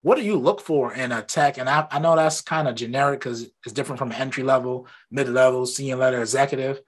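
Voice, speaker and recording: A man hosting an interview from his home office, talking in a relaxed, rambling way about his own habits. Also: mid-range voice, quick pace. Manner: relaxed and talkative, rambling anecdotes. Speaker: podcast host. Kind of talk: casual interview chat.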